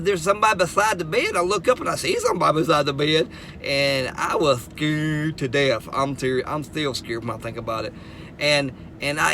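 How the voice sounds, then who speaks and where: A middle-aged man tells a comic story from his own life, his voice high and bright. He jumps around in pitch, repeats words and laughs at his own jokes. A faint hiss sits under the recording. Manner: animated, repeats words, Southern US phrasing.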